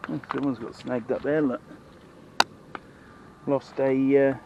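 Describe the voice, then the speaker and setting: A man's voice: medium pitch, fairly even intonation, slow, dull audio, noisy background. A man with a Norfolk accent, chatting casually to camera while fishing outdoors, rambling in broad dialect. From Norfolk, England. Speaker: fishing vlogger. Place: outdoors by the water.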